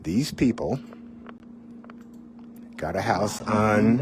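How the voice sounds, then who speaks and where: A man's voice: deep voice, lively intonation, measured pace, pauses often, over music. A middle-aged man, a former TV weatherman, tells his own life story in a candid, conversational way, with asides to the listener. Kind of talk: personal storytelling.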